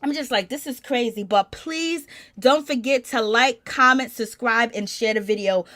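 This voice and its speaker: A woman giving animated gossip commentary, reacting with exclamations as she recaps a show. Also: fairly high pitch, moderate pace. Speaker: commentary channel host.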